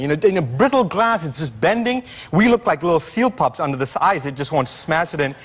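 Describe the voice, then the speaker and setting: Husky, brisk, and a little high, this man's voice belongs to a scientist guesting on a late-night talk show. He spins animated stories, frequently restarting sentences and leaning on fillers.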